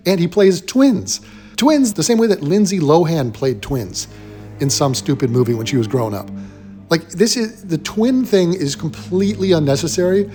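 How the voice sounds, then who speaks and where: A man delivers a blunt, sarcastic film rant in a slightly higher-than-average voice, swearing freely. He talks as a commentary host airing his verdict. Faint music sits low behind him. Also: lively intonation, normal speed, warm tone.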